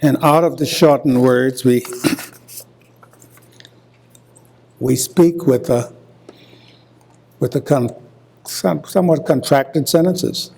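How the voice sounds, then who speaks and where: An older man from Hilton Head Island with a Gullah accent, giving a university lecture deliberately and repeating example words as he explains. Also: mid-range voice, vocal fry, mellow, husky. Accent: Gullah, coastal South Carolina. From Hilton Head Island, South Carolina. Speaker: guest lecturer.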